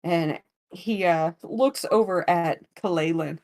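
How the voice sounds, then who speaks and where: A woman narrating a tabletop game as game master in a casual, relaxed way with many fillers. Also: lowish voice, takes it slowly.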